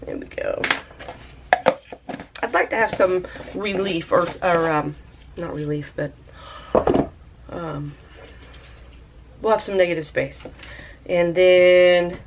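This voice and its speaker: This lo-fi clip, carrying faint background noise, has a woman with a fairly low voice talking her way through tie dyeing. She's chatty and rambling, using plenty of fillers throughout the casual demo.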